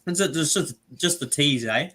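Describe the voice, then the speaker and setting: Australian man, live-stream host, chatty, laughs a lot, crisp bright voice. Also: fairly high pitch, unhurried, slight background noise. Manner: chatty, laughs often, animated impressions. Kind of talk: casual live-stream chat.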